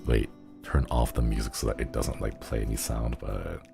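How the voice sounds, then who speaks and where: Very deep-voiced man, rambling stream chat. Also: level tone, moderate pace, vocal fry, music in the background. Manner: rambling, giggly, easily sidetracked. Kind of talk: casual livestream chat.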